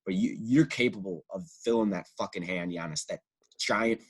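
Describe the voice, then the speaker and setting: A young man with a fairly low voice co-hosts a casual sports podcast. He rambles excitedly and swears freely. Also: moderate pace, husky. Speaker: podcast co-host.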